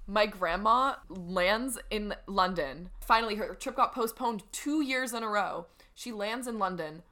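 A young woman guest on a podcast in casual chat, giggly and chiming in with quick jokes. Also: mid-range voice, bright, forceful tone.

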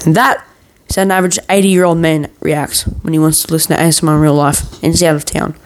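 A man's voice: on the high side, little pitch movement, fast talker. A man in a worked-up, profane ranting monologue, swearing nearly every sentence as a vlogger.

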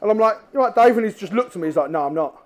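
This is a man with a high, light voice. He is a guest angler telling animated stories at a live talk, often laughing as he goes. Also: very fast. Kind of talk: live stage storytelling.

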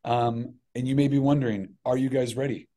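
A middle-aged man talking as a podcast guest, an animated, self-deprecating storyteller who restarts his sentences a lot. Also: medium pitch, brisk. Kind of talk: casual chat.

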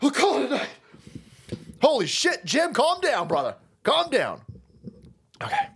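A man hosting a livestream, delivering a loud, mocking, profanity-laden commentary rant. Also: very high voice, huge pitch swings, unhurried, a little hiss or hum. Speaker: livestream host.

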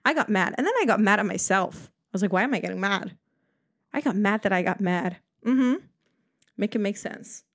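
Animated, swearing young woman. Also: mid-range voice, normal speed. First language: Dutch. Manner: animated, profane, rambling and laughing. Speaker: podcast host. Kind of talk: casual solo chat.

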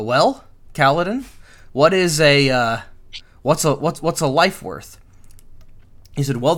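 A young adult man in casual chat, retelling a book scene with many ums and uhs and quick acted-out lines. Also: medium pitch, fairly bright tone. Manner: rambling retelling with many fillers, acting out dialogue.

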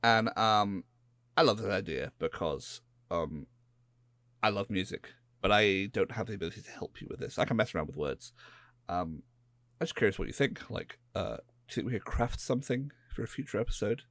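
A man's voice: fairly low pitch, animated, brisk, fairly bright tone, no room sound. A man with an English West Country accent, co-hosting a podcast in laid-back, rambling casual chat. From England. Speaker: podcast co-host.

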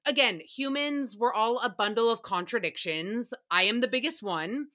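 A woman's voice: fairly high pitch, expressive, moderate pace, bright, forceful tone. A woman hosting a casual solo recap podcast, chatty and sarcastic, often laughing and swearing. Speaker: podcast host.

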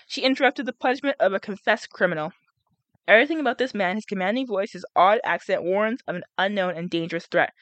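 A woman's voice: medium pitch, fast, fairly bright tone, no room sound. A young woman reading a novel aloud and breaking off to chat and react, with laughs and groans between passages. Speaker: reader and vlogger.

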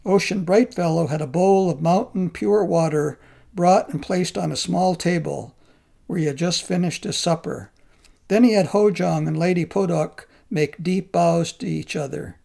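A man calmly narrating a folk tale in a measured storybook style. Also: high voice, gravelly.

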